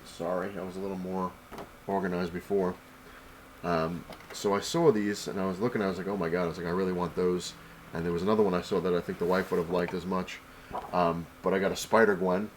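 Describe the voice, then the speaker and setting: Low-voiced man rambling through a haul. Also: flat delivery, quick pace, slight background noise, low-quality recording. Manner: rambling storyteller, many fillers and "I was like" quotes. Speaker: comic collector vlogger. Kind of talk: casual convention haul recap.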